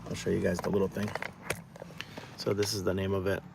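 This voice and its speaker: Chatty low-voiced New man. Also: monotone, a little fast, vocal fry. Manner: chatty, rambling asides to viewers and his dog. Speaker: food vlogger. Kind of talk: casual live-stream chat. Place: outdoors by a café and in a car. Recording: noisy outdoor traffic background.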